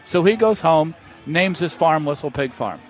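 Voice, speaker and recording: This is a storytelling interview at an outdoor festival with a master distiller whose voice is a little high and whose pace is moderate. He tells his stories animatedly, acting out the voices of the people in them.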